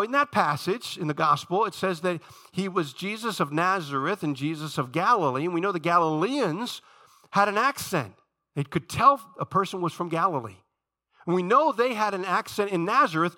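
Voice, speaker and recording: A middle-aged man preaching a sermon, telling the story with lively energy and dropping low and quiet when he prays. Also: brisk. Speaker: pastor.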